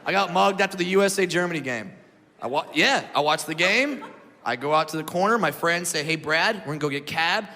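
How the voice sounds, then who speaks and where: Man, stand-up comic, animated storytelling, high voice, long hall reverb. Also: a little fast, vocal fry. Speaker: stand-up comedian.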